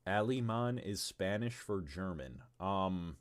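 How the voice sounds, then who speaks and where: A man with a very deep, low-pitched voice talks casually on a livestream about his tabletop game. He rambles, swears freely and trips over his words as he answers chat. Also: expressive, slow pace. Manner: rambling and profane, with stumbles and asides to chat. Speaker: game designer presenting his tabletop game on stream.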